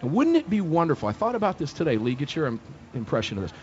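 A man's voice: on the high side, sing-song, quick pace, lo-fi sound, a little hiss or hum. Indignant male talk radio host. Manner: emphatic, indignant and opinionated. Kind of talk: live talk radio commentary. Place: radio booth at a state fair.

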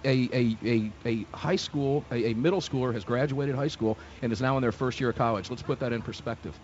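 A man's voice: mid-range voice, fairly quick, darkish tone, lo-fi sound, slight background noise. A man hosting a live talk radio show from a fair booth, speaking in an emphatic, indignant, opinionated way.

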